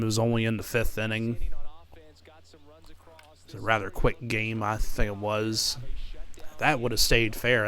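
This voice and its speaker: A man's voice: on the low side, fairly bright tone. A man giving casual play-by-play commentary over his own video game, muttering to himself with mild frustrated outbursts. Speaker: gaming video creator.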